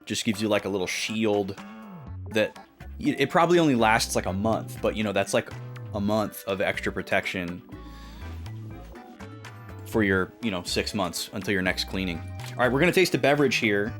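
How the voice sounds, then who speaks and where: Young man, lowish voice, loose rambling chat host, faint music underneath. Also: normal speed, pauses often, fairly bright tone. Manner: rambling, filler-heavy, conversational. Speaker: podcast co-host. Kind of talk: casual chat.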